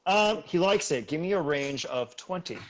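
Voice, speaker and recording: A man's voice: on the high side, animated, normal speed, slight background noise. A man running a tabletop game as game master, casual and joking, laughing often.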